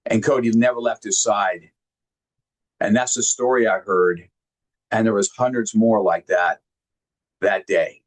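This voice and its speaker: A man giving a heartfelt motivational talk, sharing personal stories earnestly and emphatically, often halting and repeating words when moved. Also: on the low side, fairly even intonation. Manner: emphatic, directly addresses listeners. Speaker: motivational speaker.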